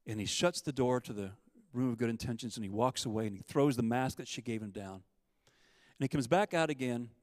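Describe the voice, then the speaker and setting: A man preaching, telling a parable and acting out the quotes, with swings between loud urgency and hushed softness. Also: mid-range voice, a little fast, no room sound, long reverb tail. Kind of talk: sermon storytelling.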